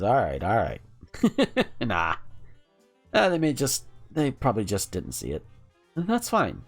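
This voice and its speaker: A young adult man from the American South, giving animated live commentary while gaming, cursing and laughing at the game. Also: mid-range voice, normal speed, faint music behind. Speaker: game streamer.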